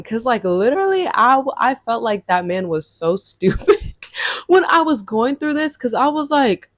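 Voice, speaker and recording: A woman's voice: fairly high pitch, moderate pace, no room sound, clean studio sound. A woman in her early twenties telling a storytime to her viewers, chatty and full of fillers. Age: 20s. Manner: chatty, lots of fillers, animated retelling. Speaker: vlogger. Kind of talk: casual storytime chat.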